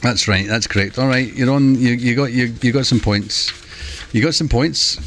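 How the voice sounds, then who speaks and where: A man's voice: medium pitch, moderate pace, a bit bright, faint music behind. A man rambling and joking with his chat while live-streaming a game, wearing a headset. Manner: rambling, jokey, talks to chat. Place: home room.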